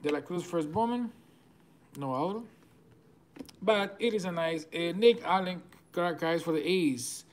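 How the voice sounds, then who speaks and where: A man with a Venezuelan Spanish accent, hosting a card break and rattling off names as he opens packs. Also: sits high. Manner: rapid-fire listing of cards, excitable, chuckling. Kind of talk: live card-opening commentary.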